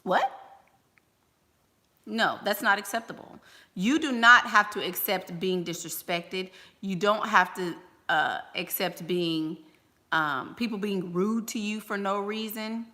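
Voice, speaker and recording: A woman's voice: mid-range voice, slow, sharp tone, big-room sound. A woman giving life-coaching advice on a livestream, blunt and emphatic, firing rhetorical questions.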